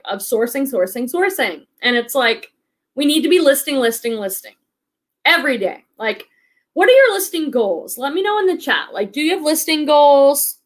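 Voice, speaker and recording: A chatty woman in her thirties hosts a live stream and reads viewers' comments aloud. Her voice sits high, and she talks in a bubbly, rambling way, full of fillers and quick laughs. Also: a bit bright. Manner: chatty, bubbly, many likes and ums, laughs often. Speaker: live stream host, online reseller. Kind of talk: casual live stream chat reading comments.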